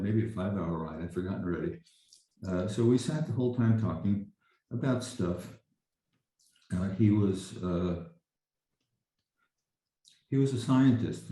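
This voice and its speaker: A man's voice: lowish voice, dark tone. An older man telling a personal story in a rambling way, with frequent restarts. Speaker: speaker sharing a memory. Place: home, recorded over a video call. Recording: very echoey room.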